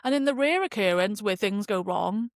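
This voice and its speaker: A woman's voice: mid-range voice, moderate pace, no room sound. Young woman, podcast host, chatty storyteller, dry close sound. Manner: chatty, lively storytelling with frequent laughs and fillers. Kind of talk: casual chat.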